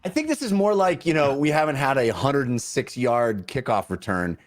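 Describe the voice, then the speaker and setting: A man's voice: medium pitch, moderate pace. A man co-hosting a casual sports chat show, bantering and hyping up the next segments. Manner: animated, bantering, hypes up segments. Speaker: co-host.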